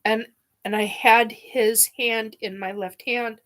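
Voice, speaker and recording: A woman vlogger telling a personal story in her living room, halting and tearful, breaking off as she cries. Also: on the high side, steady tone, fairly bright tone. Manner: tearful, halting, with restarts and sniffs. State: crying.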